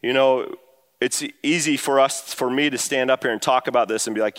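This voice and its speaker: A man preaching a sermon to his church, talking in an animated way that climbs higher when he quotes and drives home a point. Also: brisk. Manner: animated, rising pitch when quoting and emphasizing. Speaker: pastor. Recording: long hall reverb.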